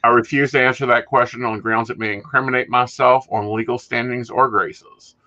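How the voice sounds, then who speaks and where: A man with a bright, forward tone co-hosts a casual talk show. He relays news items with dry humor. The recording sounds a little dull and lo-fi. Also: mid-range voice, fairly even intonation, brisk. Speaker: podcast co-host. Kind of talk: casual chat and reading news.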